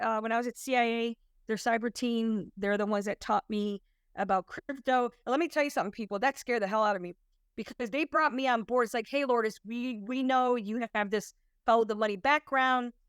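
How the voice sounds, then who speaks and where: A woman's voice: a little high, smooth, no echo, clean studio sound. A woman working as a compliance consultant, talking to an audience in an emphatic, conversational storytelling way. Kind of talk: presentation to an audience.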